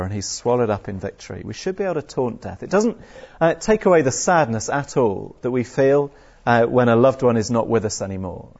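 A man from Britain preaches a sermon in a conversational, animated way. He talks in a middle register, stumbles over fillers and breaks into playful taunts. The recording sounds a little dull and muffled. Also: mid-range voice, husky. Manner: lively, conversational, many fillers, mock-taunting asides.

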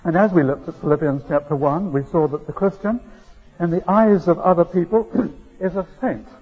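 A man's voice: on the high side, moderate pace, breathy edge. A middle-aged man preaching a sermon in a conversational, storytelling manner with rising emphasis. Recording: dull lo-fi recording.

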